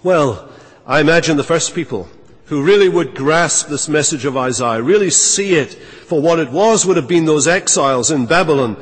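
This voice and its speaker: A man's voice: on the high side, lively intonation, moderate pace, slightly rough. A man preaching a sermon as a pastor, earnest and emphatic, repeating key phrases for weight. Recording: long reverb of a church hall.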